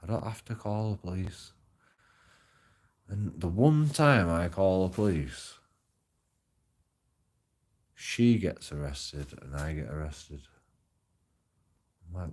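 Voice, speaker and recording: A man's voice: low-pitched, lively intonation, slow pace, long pauses, a little mellow. A man telling a personal story in a rambling, heavily sworn casual monologue. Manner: heavy swearing, rambling with restarts.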